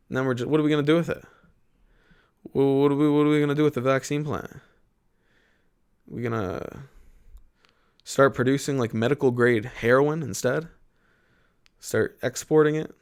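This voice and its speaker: A man's voice: mid-range voice, clean tone. A young man from Canada hosting a podcast, rambling and joking casually with plenty of swearing. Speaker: podcast host.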